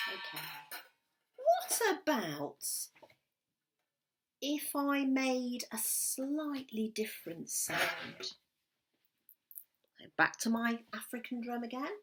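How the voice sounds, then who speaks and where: Teacher, woman: patient, slow, with a lively pitch that rises and falls, teaching little children music, slight hiss. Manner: slow, patient and encouraging, drops to a whisper at times. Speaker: primary school music teacher. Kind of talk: recorded music lesson for young children.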